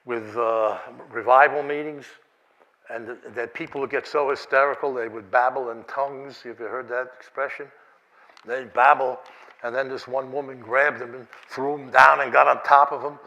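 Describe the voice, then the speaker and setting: A man's voice: mid-range voice, bright, forceful tone, low-quality recording. An older man giving a rambling, chuckling keynote talk full of anecdotes, restarts and fillers. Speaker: keynote speaker. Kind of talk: lecture with anecdotes. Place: conference lecture hall.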